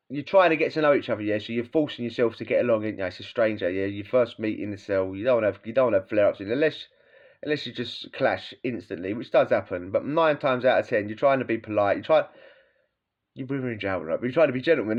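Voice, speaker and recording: A man with a British accent telling prison stories in a casual, slangy way, swearing freely and laughing as he talks. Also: medium pitch. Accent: British English. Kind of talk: casual storytelling. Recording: dull lo-fi sound.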